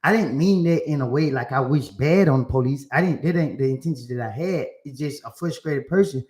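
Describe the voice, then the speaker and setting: A man telling a story to an audience in animated, casual vernacular, often repeating himself. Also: medium pitch, fairly quick. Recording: roomy echo.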